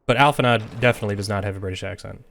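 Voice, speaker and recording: A man's voice: fairly low pitch, rapid-fire, creaky, a bit bright. A young man streaming a game, talking casually and rambling as he jokes about the story and mocks the characters' lines. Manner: rambling, joking, mocking imitations of characters. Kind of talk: casual gameplay commentary.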